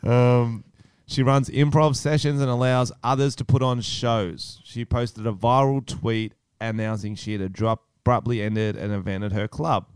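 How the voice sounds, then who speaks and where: A young man co-hosting a comedy podcast chats casually, reading news items aloud with a sarcastic, profane edge and laughing often. He talks at normal speed in a mid-range, clean voice with fairly even intonation, and there's no room sound.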